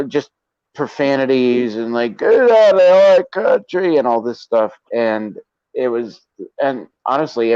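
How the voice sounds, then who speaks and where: A man's voice: lowish voice, darkish tone, no room sound, muffled recording. A man hosting a casual chat, telling laid-back, profane anecdotes. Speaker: podcast host.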